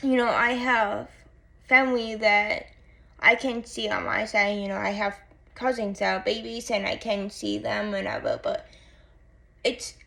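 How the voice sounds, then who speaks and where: A woman vlogger talking to camera in casual chat, tearful and halting, often repeating herself. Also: medium pitch, steady tone, gravelly, bright, forceful tone.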